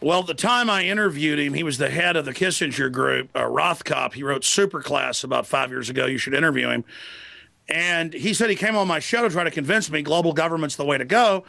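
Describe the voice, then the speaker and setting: A man's voice: on the high side, expressive, brisk, vocal fry, bright, forceful tone, dry recording. A man arguing angrily as an interview guest, ranting in a declamatory way. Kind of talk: heated political argument.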